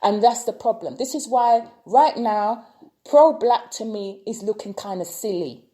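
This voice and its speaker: A British woman, a tarot reader by trade and a vlogger, launches into a fervent opinion rant full of recurring rhetorical questions. Her slightly high voice is mellow, and her pace is measured.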